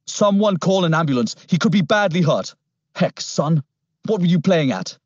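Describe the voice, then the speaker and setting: A man voicing a brisk policeman who gives firm orders. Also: fairly high pitch, animated, dry recording, pitched above the performer's own voice. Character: brisk commanding adult male policeman. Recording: dull lo-fi recording.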